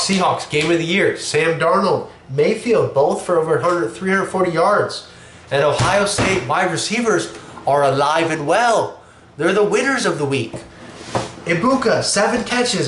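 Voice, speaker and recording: A man's voice: on the high side, animated, measured pace. A young man hosting a casual sports opinion show, blunt and profane, sick with a cough. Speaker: show host. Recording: echoey room with faint noise.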